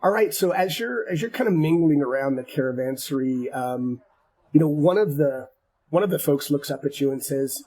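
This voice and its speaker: A man running a tabletop game as game master, narrating in a halting way with many repeated words. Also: a little high, expressive, dark tone, slightly rough, poor audio.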